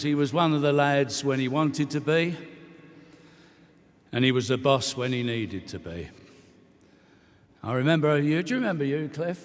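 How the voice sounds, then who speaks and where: A man's voice: medium pitch, long reverb tail. A man speaking at a memorial in a chatty way, teasing an old friend in the audience. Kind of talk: eulogy anecdotes.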